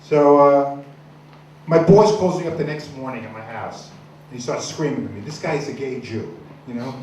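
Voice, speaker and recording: A man doing a stand-up comedy set, telling crude stories in a rambling, deadpan way with many restarts. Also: medium pitch, moderate pace. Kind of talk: stand-up set at an open mic. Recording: echoey room, far from the mic, noisy.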